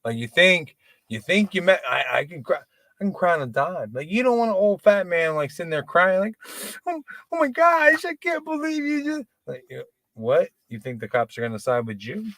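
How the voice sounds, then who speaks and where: A man's voice: fairly high pitch, lively intonation, brisk, a bit bright, no echo. A man in his forties doing open mic stand-up, rambling, self-deprecating and profane. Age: 40s. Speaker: stand-up comedian.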